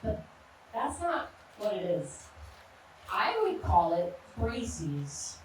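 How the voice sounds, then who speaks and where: A woman's voice: medium pitch, sing-song, drawn-out words, heavy reverb, recorded from a distance, slight background noise, low-quality recording. A woman in her thirties performing a brash, punchy stand-up set in a live comedy club. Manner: brash, punchy storytelling with crude jokes.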